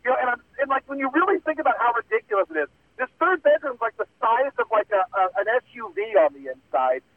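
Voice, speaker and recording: This radio guest has a very high-pitched voice with big pitch swings and a quick pace. He rambles casually and pokes fun at himself with plenty of fillers. The sound is a tinny phone line, with no room sound.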